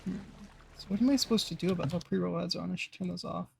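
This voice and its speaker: High-voiced gravelly man streaming a game. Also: very fast, darkish tone, slight background noise. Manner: rambling, swears, talks to himself while playing. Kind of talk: live gameplay commentary.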